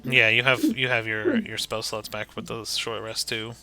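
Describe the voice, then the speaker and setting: A man's voice: mid-range voice, sing-song, sharp tone, soft background music. A man acting as game master of a tabletop game stream, talking casually and laughing between rulings. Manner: casual, laughing, quick asides.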